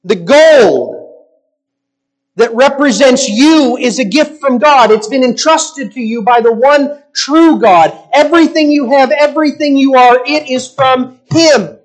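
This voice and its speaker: A man preaching a sermon in an emphatic, rhetorical style with deliberate pauses. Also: very high voice.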